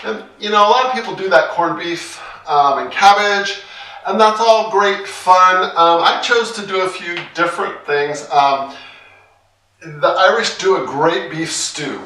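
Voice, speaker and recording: A man co-hosting a cooking show, walking through a recipe in a relaxed, chatty way with folksy asides. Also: sits high, unhurried. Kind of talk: casual cooking demonstration. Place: home kitchen. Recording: echoey kitchen, mic at a distance. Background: clattering dishes and cutlery.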